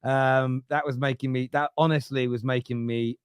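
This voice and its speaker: A man's voice: medium pitch, fairly even intonation, moderate pace, smooth, no echo, clean studio sound. A man hosting a live football fan stream, joking and reading out viewer chat messages. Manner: jokey, reads chat messages aloud. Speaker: host.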